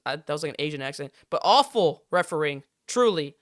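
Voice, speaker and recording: Young male podcast host, frustrated sports ranter, bright and smooth clear tone. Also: fairly high pitch, big pitch swings, fairly quick, few pauses, no room sound, clean studio sound. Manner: heated, frustrated ranting with swearing. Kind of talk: casual sports commentary rant.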